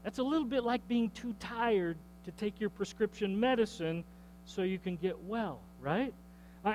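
A man's voice: sits high, expressive, unhurried, slight background noise, rough recording. A man preaching a sermon to his church in a conversational way, often checking in with "okay?" and repeating words as he goes. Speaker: pastor.

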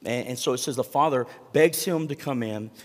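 A man's voice: mid-range voice, a little fast, in a large hall. A man preaching a sermon in a conversational way, asking the congregation rhetorical questions. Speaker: pastor.

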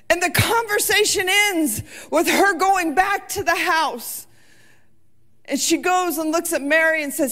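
A woman preaching a sermon with impassioned delivery, rising to shouts and near tears as she retells scripture. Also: very high-pitched, measured pace, long pauses.

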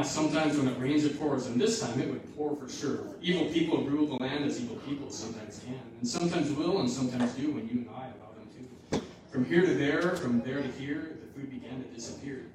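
A man's voice: mid-range voice, a little fast, crowd noise. Man narrating a bouncy rhyming story. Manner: bouncy singsong rhyme. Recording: echoey hall from far off.

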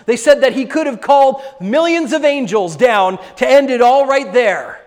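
A man preaching a sermon, moving between loud, fervent exhortation and soft, hushed storytelling. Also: extremely high pitch, animated, a little slow, few pauses. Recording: long hall reverb.

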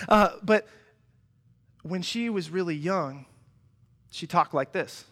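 Bright-voiced young male pastor preaching. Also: a little high, normal speed, long pauses. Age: young adult. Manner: animated, restarts often, acts out quoted voices. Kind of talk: sermon. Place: church hall.

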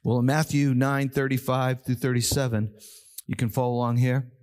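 An older man delivers a sermon as the pastor, his voice sitting at an ordinary middle pitch. He preaches emphatically, slowing on important words and repeating them for weight. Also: flat delivery, a little mellow.

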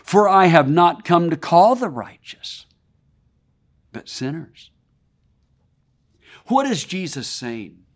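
A man preaching a sermon, paraphrasing scripture and swinging between loud emphasis and hushed drops. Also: fairly high pitch, sing-song, takes it slowly, pauses often. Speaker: pastor.

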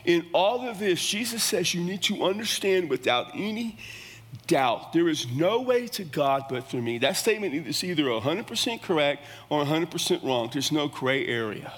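A middle-aged pastor preaches with earnest emphasis, his fairly high voice stumbling through restarts as he drives each point home. His words ring out with a long reverb from the church sanctuary around him. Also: very animated, normal speed, fairly bright tone. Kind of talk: sermon.

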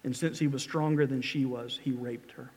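A man's voice: medium pitch, steady tone, normal speed, a little mellow, slightly rough. A middle-aged man preaching a sermon as pastor, reading scripture with dramatic emphatic pleas.

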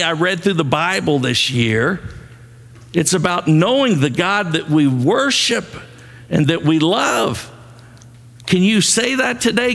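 A man's voice: fairly high pitch, big pitch swings, measured pace, creaky, a bit bright, long reverb tail. A male pastor preaching a sermon, asking the congregation to repeat lines after him.

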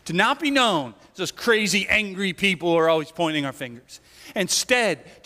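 A male pastor preaching a sermon, animated, acting out the story as he teaches. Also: on the high side. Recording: long hall reverb.

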